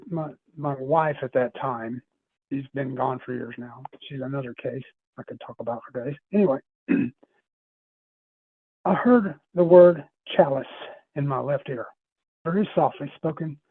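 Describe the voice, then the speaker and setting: A middle-aged man appears as a podcast guest, telling a personal story earnestly and ramblingly, frequently restarting his phrases. His voice is on the high side, with no echo, but the audio sounds tinny, like a phone line.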